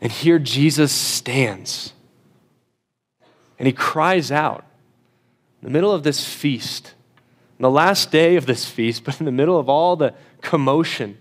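A man with a fairly high voice preaches a sermon with emphasis. He slows right down and goes quiet on key phrases, and now and then repeats words as he restarts a sentence. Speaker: pastor.

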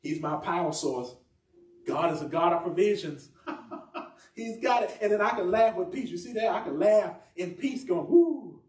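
A man with a high voice delivers an emphatic sermon, stretching out his key phrases. He is picked up from a distance. The sound rings around a reverberant church room. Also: a little mellow. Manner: emphatic preaching with drawn-out phrases. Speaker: pastor. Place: church sanctuary. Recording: echoey church room from far off.

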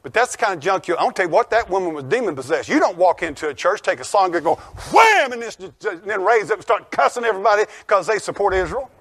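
An older male pastor, preaching a folksy, emphatic sermon that rises to shouts. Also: sits high, sing-song, fast talker, few pauses. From United States.

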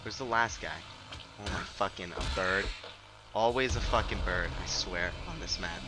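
A young man giving casual, profane commentary while playing a game. He sounds tired and sleep-deprived, and his mumbling breaks into sudden loud outbursts. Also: low voice, moderate pace. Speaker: gameplay commentator. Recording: game music playing underneath.

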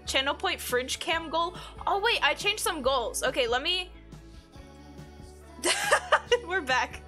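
Bright, chatty streamer woman. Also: very high voice, very animated, takes it slowly. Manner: chatty, reads chat aloud, swears freely, giggly. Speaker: live streamer. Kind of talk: casual live-stream chat. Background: faint background music.

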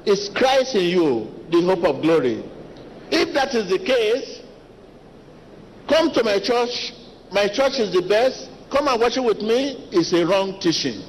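A man preaching a sermon as pastor, talking to the congregation directly, animated and repetitive. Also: very high voice, slow, a little hiss or hum. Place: large church hall. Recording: long church reverb with faint ambience.

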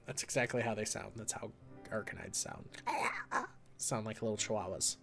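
Excitable jokey man gaming. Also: lowish voice, normal speed, vocal fry, faint music behind. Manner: excitable, jokey, yelps and shouts at the game. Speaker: let's play gamer. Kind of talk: casual gameplay commentary.

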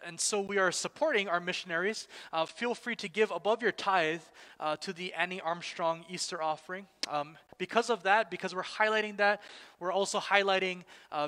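A man's voice: high voice, moderate pace, bright, forceful tone, in a large hall. A man leading a church service, chatting casually through Bible trivia and announcements in a playful, joking way. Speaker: church worship leader.

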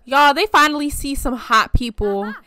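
A woman's voice: high-pitched, moderate pace. A young woman giving chatty, playful let's-play commentary as she plays a life-sim game. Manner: chatty, animated, playful slang, frequent laughs. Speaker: gaming channel host.

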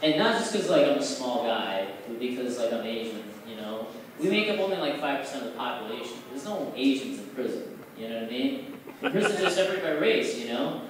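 A young man doing stand-up at an open mic in a bar, rambling loosely with lots of fillers and now and then jumping into loud put-on voices. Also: medium pitch, very animated, fairly quick. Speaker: stand-up comic. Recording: echoey bar room, far from the mic, noisy.

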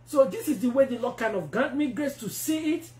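A woman preacher telling a testimony in a sermon, animated and acting out the voices she quotes. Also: high voice, brisk. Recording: roomy echo.

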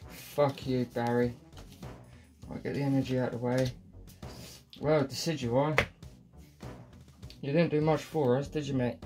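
A man's voice: medium pitch, a little mellow. A man giving casual, sweary running commentary while opening card packs, muttering and joking to himself. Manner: sweary, muttering, jokey asides. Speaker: card pack opener.

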